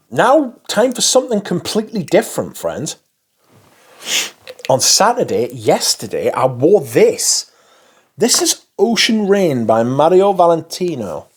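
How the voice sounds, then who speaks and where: A man's voice: mid-range voice, husky. A man chatting casually and enthusiastically about perfumes, swearing freely and rambling between thoughts. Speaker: fragrance reviewer. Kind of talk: casual chat.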